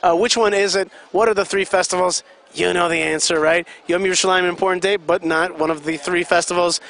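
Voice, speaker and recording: A high-voiced man gives chatty live commentary at an event. He keeps explaining what is going on and quizzes his listeners. Vehicle noise can be heard outside behind him. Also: steady tone, fairly quick, a bit bright. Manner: chatty, explaining, asks the audience questions.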